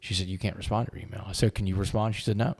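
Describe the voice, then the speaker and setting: Earnest low-voiced man telling his story. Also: steady tone, vocal fry, darkish tone. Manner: earnest, halting, repeats words when moved. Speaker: podcast guest. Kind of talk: emotional storytelling.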